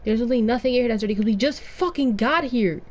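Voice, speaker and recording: A woman's voice: on the high side, quick pace. Exasperated swearing woman streamer. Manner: swears a lot, exasperated running commentary. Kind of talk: casual gameplay commentary.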